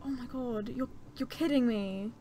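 A woman's voice: on the high side, moderate pace, mellow, slight background noise. A woman giving let's-play commentary, talking to herself in a fretful, anxious way while she plays. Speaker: gaming channel host.

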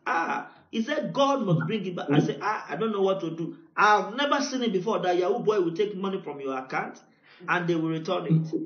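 A Nigerian man preaches with a high, lively voice that swoops between low storytelling and shouted decrees. The sound is dull and echoey, like a church recording. He tells stories with quoted dialogue and calls on the congregation. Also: brisk. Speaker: pastor. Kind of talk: sermon. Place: church hall.

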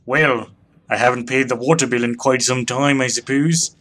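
A man's voice: mid-range voice, fairly even intonation, moderate pace, fairly bright tone. A young man commenting on a horror game as he plays, joking and mocking himself, often grossed out. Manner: joking, self-mocking, easily disgusted. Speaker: let's play commentator. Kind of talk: gameplay commentary.

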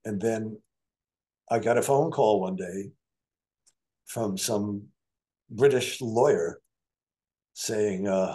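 An older man, a session guitarist, telling lively anecdotes in an interview and acting out the dialogue. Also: lowish voice, slow, long pauses. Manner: animated anecdotes, acts out dialogue. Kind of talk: storytelling in an interview.

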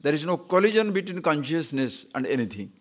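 A man giving a spiritual discourse to a live class, asking rhetorical questions and acting out little shouted scenes. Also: a little high, big pitch swings, a little fast. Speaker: spiritual teacher.

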